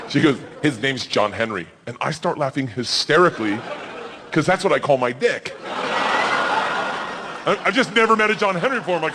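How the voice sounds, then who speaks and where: Animated stand-up comic man. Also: fairly high pitch, fairly quick, pauses often. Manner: loud, animated storytelling with crude jokes. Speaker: stand-up comedian. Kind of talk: stand-up comedy set. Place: comedy club stage. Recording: live club recording with audience noise.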